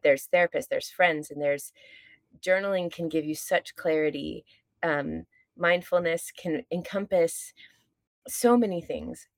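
A woman with a low voice, a stage performer appearing as a podcast guest, talks in casual chat. She is earnest, reflective and openly candid, swearing now and then, and the recording has no echo.

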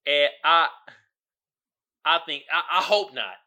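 Man, podcast host, high-pitched, sharp bright tone, slangy, joking, animated casual commentary. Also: slow. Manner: animated, joking, laughs often; slangy street talk.

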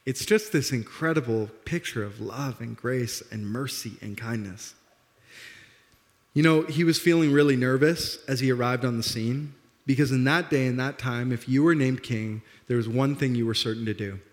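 A young man preaching a sermon as pastor, with a slight lisp, animated and self-deprecating, acting out the dialogue. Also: medium pitch. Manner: animated, laughs at himself, acts out dialogue. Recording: long hall reverb.

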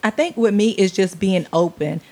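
A woman in her forties, a parent, chatting openly about raising her kids and slipping into quick voices of the people she quotes. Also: medium pitch, mellow, slight background noise. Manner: open, conversational, acts out quoted voices. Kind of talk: casual panel chat.

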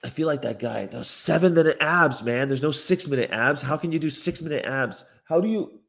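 Here a Northern English man, a vegan activist vlogger, reads out news stories in his rented apartment room with a view from the window and reacts with exasperated cursing. His gravelly voice is fairly high-pitched and brisk, veering between shouting outbursts and muttering.

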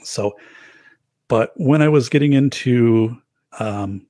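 A man's voice: medium pitch, takes it slowly, mellow, dry recording. A man hosting a podcast, telling stories in a rambling, casual way with frequent restarts and quoted asides. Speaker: podcast host and author. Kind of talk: casual conversational chat.

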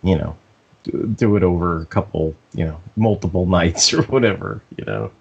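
A man's voice: low voice, moderate pace, vocal fry, slightly rough. A man co-hosting a podcast in casual chat, rambling with many stammered restarts. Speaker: podcast co-host. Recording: dull lo-fi sound.

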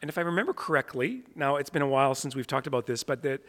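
A man interviewing a guest, speaking in a reflective, halting way with frequent restarts. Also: mid-range voice, expressive, a bit bright, big-room sound. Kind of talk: conversational interview.

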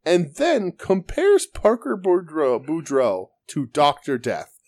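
A man's voice: fairly high pitch, wildly swooping pitch, slow, darkish tone. A young man co-hosting a wrestling podcast, ranting bluntly and profanely in casual chat, laughing often.

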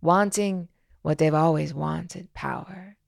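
A woman's voice: deep voice, steady tone, slow pace, gravelly, no echo, clean studio sound, exaggerated voice. A woman voicing a talkative, sly little old man who laughs to himself as he rambles.

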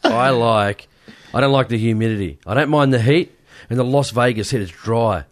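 A man's voice: mid-range voice, moderate pace, dry recording, studio quality. A man in a casual chat, speaking emphatically and repeating short phrases.

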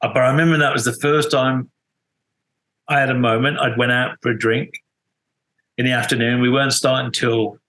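A middle-aged guest musician in a casual interview tells rambling stories, restarting often and acting out quotes. His mid-range voice has a bright, forceful tone with little pitch movement, running a little fast with frequent pauses, and the recording is rough.

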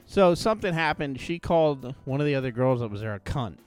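A man co-hosting a podcast, telling an anecdote in a casual, profane, animated way. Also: medium pitch, a little fast, smooth, faint music behind. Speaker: podcast co-host. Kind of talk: casual storytelling chat.

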